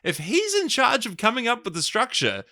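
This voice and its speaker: Animated, wry male podcaster. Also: very high voice, moderate pace. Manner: wry, animated, building arguments. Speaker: podcast co-host. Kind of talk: casual film review chat.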